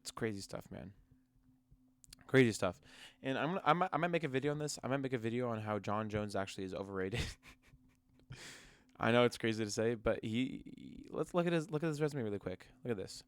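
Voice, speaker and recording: A man's voice: medium pitch, brisk, clear, resonant tone, no room sound. A man giving casual, sarcastic reaction commentary on MMA fighters and ranting with many restarts.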